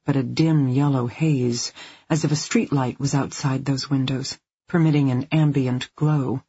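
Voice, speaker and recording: An audiobook narrator reading a dark thriller with tense, measured storytelling. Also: mid-range voice, slightly rough, dry recording. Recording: dull lo-fi recording.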